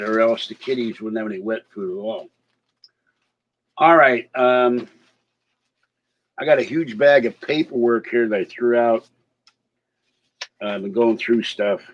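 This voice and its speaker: A man vlogging in a casual, rambling way, chatting and complaining about his day. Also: lowish voice. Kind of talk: casual chat to camera. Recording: slightly dull lo-fi sound.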